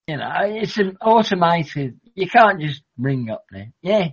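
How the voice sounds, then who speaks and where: High, lively man on lo-fi chat. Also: a little slow, few pauses, slightly rough. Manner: rambling, jokey, sweary banter. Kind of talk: casual podcast chat.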